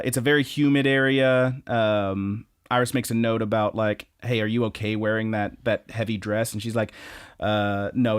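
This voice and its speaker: A man's voice: lowish voice, clean tone. A young man co-hosting a podcast, recapping episodes in casual, profane chat with lots of fillers. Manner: profane, rambling with many fillers. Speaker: podcast co-host.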